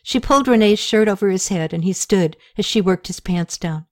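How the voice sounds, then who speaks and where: A woman narrating an audiobook in a steady, even reading manner. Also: mid-range voice, fairly quick, no echo, studio quality.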